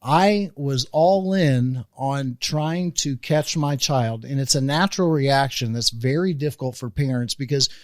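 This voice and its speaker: Middle-aged male podcast host, chatty storyteller who often restarts sentences, average pitch, close and dry. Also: unhurried, few pauses, no room sound. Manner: rambling with many restarts. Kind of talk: casual conversation, storytelling.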